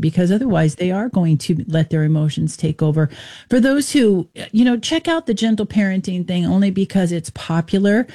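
Mellow-voiced talk radio hostess. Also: female voice, lowish voice. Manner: earnest, conversational, with brief laughs and restarts. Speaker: radio talk show host. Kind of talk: Christian talk radio conversation.

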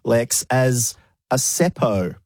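An Australian man co-hosting a podcast, adding dry, joking asides in a relaxed chat. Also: mid-range voice, slow pace, no room sound. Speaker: podcast co-host.

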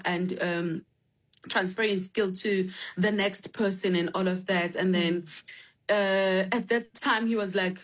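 A woman musician telling stories about her instrument, animated and spiritual, full of restarts and fillers, on a phone line. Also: mid-range voice. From South Africa. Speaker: guest musician. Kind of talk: remote interview.

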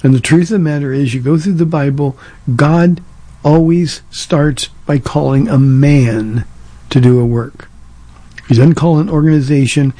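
Speaking at a measured pace, this church pastor from Southern California has a warm voice on the high side, with no echo. He hosts a call-in radio show, taking listener questions in an earnest, conversational manner with frequent restarts.

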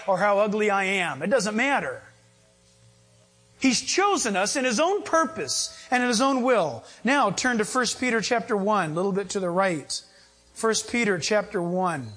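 A man pastor preaching a sermon to a live congregation in a conversational style, jumping into sudden high emphatic bursts. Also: a bit bright. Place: church with live audience.

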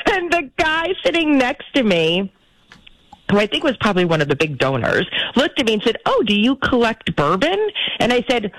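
Animated, laughing woman in casual chat. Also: a little high, moderate pace, no echo, poor audio. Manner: laughs often, animated storytelling. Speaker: producer of the show.

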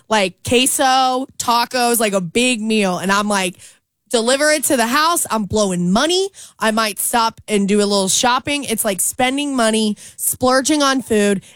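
A woman co-hosting a morning radio show, chatting in a lively way with lots of likes and restarts. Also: fairly high pitch, no room sound. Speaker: radio co-host. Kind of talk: casual morning radio chat.

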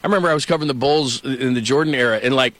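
A middle-aged man hosting casual sports talk who tells stories in an animated way. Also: medium pitch, very fast, no room sound. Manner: storytelling, animated.

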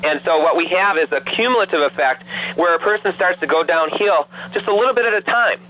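A man's voice: high-pitched, expressive, brisk, bright, forceful tone, low-quality recording. A man, a doctor guest calling into a radio show, telling earnest stories to promote a product. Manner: earnest testimonial storytelling with fillers.

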